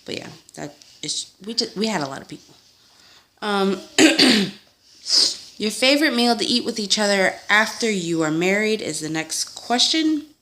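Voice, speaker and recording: A woman's voice: mid-range voice, expressive, moderate pace, bright, forceful tone. A young woman at home, chatting casually through a tag video, full of fillers and little laughs, acting out what people said. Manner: chatty, lots of fillers and laughs, acts out quotes. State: sick. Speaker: vlogger.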